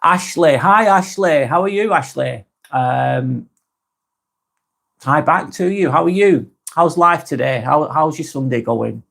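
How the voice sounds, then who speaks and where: A man hosting a casual live stream, talking softly and unhurriedly, apologising often and reading out viewer comments. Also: on the high side, expressive, creaky. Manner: soft, unhurried, apologetic, with frequent ums and restarts.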